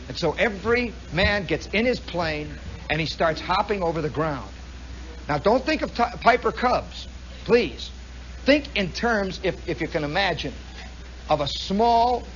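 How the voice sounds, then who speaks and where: Middle-aged male radio storyteller, high and lively, dull 1960s broadcast sound. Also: slight background noise. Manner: animated, imitates roaring planes with shrieks. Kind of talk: spontaneous monologue storytelling.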